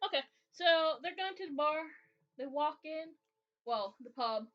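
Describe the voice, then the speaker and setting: A woman's voice: high voice, lively intonation, unhurried. A woman narrating as game master of a tabletop game, casual and giggly with lots of fillers. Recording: dull lo-fi recording.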